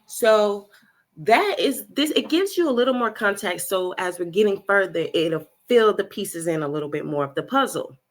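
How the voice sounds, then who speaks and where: A woman hosting a podcast, calmly recapping and explaining events in a measured way. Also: medium pitch. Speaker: podcast host.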